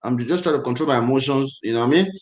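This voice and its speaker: A man's voice: mid-range voice, rapid-fire, reverberant, highs cut off. A man hosting a casual livestream, tense and angry, talking emphatically and repeating himself. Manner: emphatic, repetitive, agitated. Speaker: livestream host.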